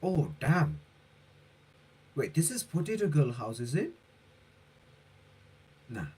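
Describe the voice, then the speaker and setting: A man live-streaming his reaction to a comic chapter, reading it aloud haltingly and correcting himself as he comments. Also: fairly high pitch, very animated, a little mellow, husky, rough recording. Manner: halting, with frequent self-corrections.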